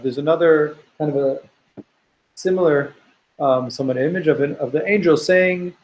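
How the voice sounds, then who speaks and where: A man's voice: fairly high pitch, moderate pace, darkish tone, poor audio. A man teaching a Torah class to students in a classroom. He reads Hebrew text aloud, explains it thoughtfully, and repeats words as he works through ideas.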